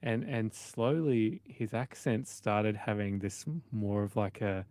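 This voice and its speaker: Male co-host, lowish voice, casual storyteller, dry close mic. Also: measured pace, darkish tone, no echo. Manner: rambling, storytelling with fillers. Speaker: radio co-host. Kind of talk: casual radio chat.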